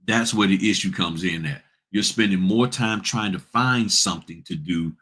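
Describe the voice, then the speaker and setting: A man's voice: low voice, moderate pace, fairly bright tone, breathy edge. A man hosting a notary business vlog, giving blunt, straight-talking advice and repeating points for emphasis.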